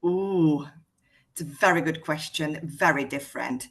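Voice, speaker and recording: A woman from Hungary speaks with a mostly British accent, a little South African in it. Her voice sits low for a woman, and she tells her story in a relaxed, chatty way with plenty of ums. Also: a little slow. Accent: Hungarian-born, mixed British and South African. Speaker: guest speaker. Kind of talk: casual conversation on a video call.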